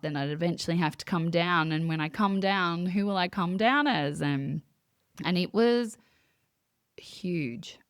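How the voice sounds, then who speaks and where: A woman guest on a conversational podcast, telling a personal story in an animated way and acting out her own quoted thoughts. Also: sits low, no echo, studio quality. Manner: many fillers and restarts. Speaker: guest, psychic medium. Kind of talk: casual interview storytelling.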